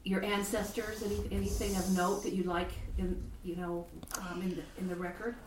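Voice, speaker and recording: Brief: woman interviewer, mellow voice heard from off-mic in a roomy space, faint hiss behind. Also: lowish voice, little pitch movement, moderate pace. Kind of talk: oral history interview questions. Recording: distant mic in echoey room.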